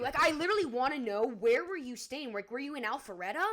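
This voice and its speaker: A young woman from Atlanta co-hosts a casual podcast, ranting hotly and swearing freely. Her voice sits a little on the high side. She talks fast and gets heated. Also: lively intonation, a bit bright. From Atlanta, Georgia. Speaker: podcast co-host.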